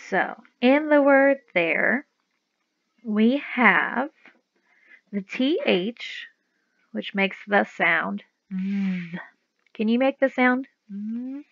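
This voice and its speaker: A woman's voice: medium pitch, lively intonation, drawn-out words, long pauses, fairly bright tone, dry recording, highs cut off. A woman teaching a phonics lesson to young children, patiently sounding out letters and words and repeating them.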